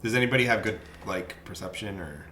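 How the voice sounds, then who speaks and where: Joking, bright-voiced man player. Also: on the low side, lively intonation, quick pace. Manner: joking, laughs a lot. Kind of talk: casual tabletop game chat. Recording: echoey room with faint background noise.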